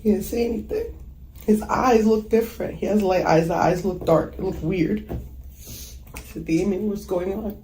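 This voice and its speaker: A woman giving emotional interview testimony as a mother, halting and hesitant with many pauses. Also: mid-range voice, warm tone. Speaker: mother recounting a killing. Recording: echoey room with faint background noise.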